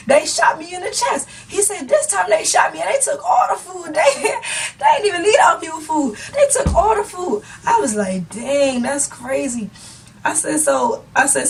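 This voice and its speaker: A young woman with a fairly high voice tells a storytime vlog, animated and quick to laugh as she goes. She sits a bit back from the mic, and a faint hiss runs under the recording. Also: far from the mic, rough recording. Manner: animated, breaks into laughter while telling. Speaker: YouTuber. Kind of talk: storytime vlog, retelling a conversation.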